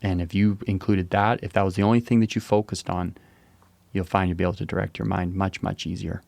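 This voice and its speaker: Brief: male podcast co-host, low gravelly voice, dry close sound, relaxed rambling storyteller. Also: brisk, dry recording. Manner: rambling storyteller, laid-back and joking. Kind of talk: casual chat.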